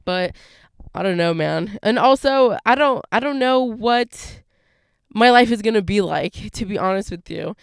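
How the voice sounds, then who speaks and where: A woman's voice: mid-range voice, expressive, a little slow, gravelly, clean tone, no room sound, studio quality. Casual young woman podcaster, rambling. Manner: rambling, lots of "like" and "you know". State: slightly scratchy throat. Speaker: podcast host. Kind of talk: casual solo podcast monologue.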